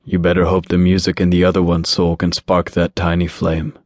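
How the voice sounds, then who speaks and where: Guy voicing a weary skeptical angel, dry delivery, low monotone, audiobook. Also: moderate pace, dry recording, close to an everyday voice. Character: sardonic, skeptical male angel brother.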